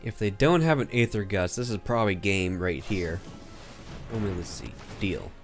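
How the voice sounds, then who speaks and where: Low-voiced man thinking aloud. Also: expressive, moderate pace, soft background music. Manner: thinks aloud, counting damage under his breath. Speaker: streamer playing a digital card game. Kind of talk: casual gameplay commentary.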